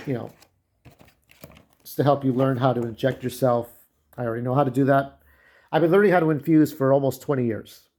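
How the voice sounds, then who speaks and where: A man's voice: mid-range voice, darkish tone. A young man delivering an angry, profane personal rant to camera, often repeating himself and restarting sentences. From United States. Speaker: vlogger.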